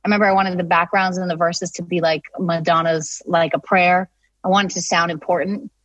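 A woman's voice: fairly low pitch, steady tone, fairly quick, a bit bright, dry recording, low-quality recording. A woman, a singer-songwriter, chatting casually and telling a story with lots of fillers, acting out the lines she quotes.

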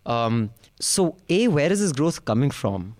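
This podcast host, an Indian English speaker, jokes his way through a rambling rundown of political news while short of breath. He talks at a measured pace in a mid-range, darkish voice that is very animated.

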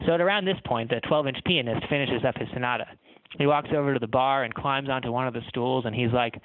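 A man, an author, chatting haltingly with many fillers, then reading his own story aloud in a casual storytelling way. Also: mid-range voice, dry recording. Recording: tinny phone-like line.

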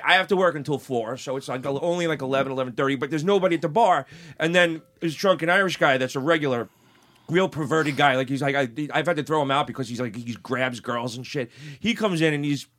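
Rambling man telling a bar story. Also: fairly high pitch. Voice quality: animated, rambling, with many fillers and restarts. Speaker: podcast host. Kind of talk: casual storytelling.

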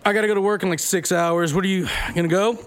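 A man's voice: sits high, fairly even intonation, quick pace, smooth. A man co-hosting a podcast, teasing and swearing in loose, joking banter. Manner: teasing, profane.

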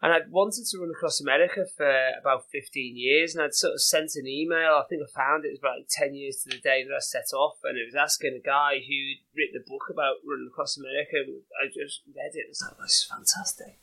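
A British man in his forties, appearing as a guest runner in a casual interview, tells rambling stories full of fillers and laughs at his own anecdotes. His voice is a little high, gravelly, bright and forceful, with a steady tone and a quick pace that hardly pauses. The audio quality is poor.

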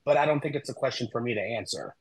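A man's voice: mid-range voice, quick pace, slightly rough, no room sound, low-quality recording. Man telling stories on a podcast, dry sound. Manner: animated storyteller, voices his friends in quotes. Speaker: guest, human design reader and author. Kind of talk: conversational podcast storytelling.

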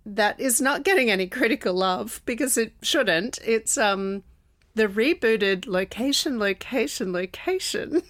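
A woman's voice: on the high side, measured pace, fairly bright tone, no room sound, studio quality. A woman co-hosting a pop culture podcast, chatting casually with wry humor and mock crankiness. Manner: wry, complaining with self-aware humor. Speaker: podcast co-host. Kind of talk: casual chat.

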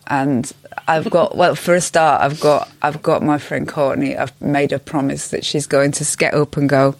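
A woman's voice: low-pitched, fairly even intonation, moderate pace, vocal fry, dry recording. A woman talking as a podcast guest, telling comic stories casually and swearing freely. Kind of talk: casual chat.

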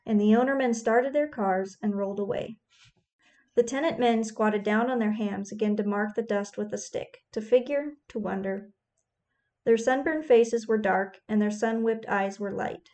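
A woman narrating an audiobook in a measured, descriptive manner. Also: medium pitch, darkish tone.

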